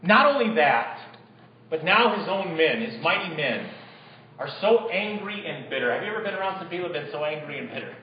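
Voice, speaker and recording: A man's voice: fairly high pitch, animated, fairly quick, slight background noise. A male pastor preaching a sermon to his congregation, putting rhetorical questions to them. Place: church. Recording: echoey, dull lo-fi church recording.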